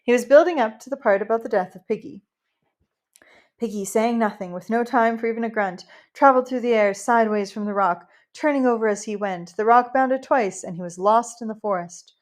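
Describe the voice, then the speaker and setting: A woman narrating a first-person novel as an audiobook in an emotional, heartfelt, expressive way. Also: fairly high pitch, a little fast.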